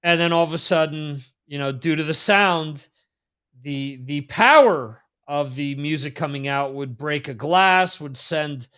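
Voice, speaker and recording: A man's voice: a little high, a little slow, fairly bright tone, smooth. Chatty man hosting a music talk show. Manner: rambling, laughs often, many fillers. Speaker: podcast host. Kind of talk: casual chat. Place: lives in Spain.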